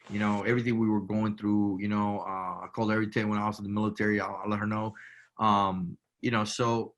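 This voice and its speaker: A man from Cuba, a veteran guest, talking in a halting, casual way full of restarts and "you know". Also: lowish voice, a bit bright. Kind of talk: casual conversation.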